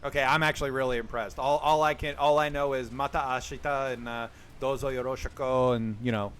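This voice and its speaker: A man in his forties streaming a game, chatting casually and telling jokey, animated stories. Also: mid-range voice, fairly quick, a little hiss or hum. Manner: joking, animated storytelling. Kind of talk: casual chat while gaming.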